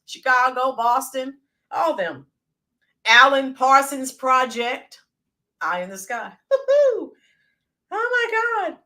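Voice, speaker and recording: A woman's voice: high-pitched, sharp tone. A woman hosting a casual livestream, chatting with viewers and greeting them by name. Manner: chatty, reads out viewer names, bursts into sung snippets. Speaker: livestream host.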